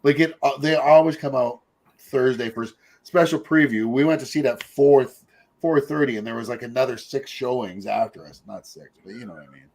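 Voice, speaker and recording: A middle-aged man hosts a laid-back chat, talking at an everyday pitch. He rambles from point to point, stacking up fillers and side comments as he goes. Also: brisk, darkish tone. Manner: rambling, chatty, full of fillers and asides. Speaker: podcast host. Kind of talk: casual chat.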